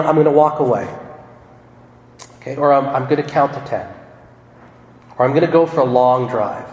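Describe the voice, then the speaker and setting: A man preaching a sermon in a conversational way, asking rhetorical questions and acting out people's thoughts. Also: mid-range voice. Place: church sanctuary. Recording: echoey hall reverb with faint room noise.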